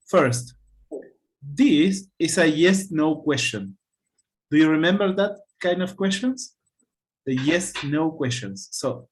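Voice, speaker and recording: A man teaching an online English class, who speaks patiently and checks in with his students with a questioning "hmm?". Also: a little high.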